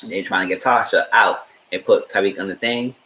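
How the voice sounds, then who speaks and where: A man giving a casual live stream recap of a TV show, retelling scenes in a lively way and acting out what the characters say. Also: sits low, moderate pace, reverberant, slight background noise. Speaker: TV show reviewer.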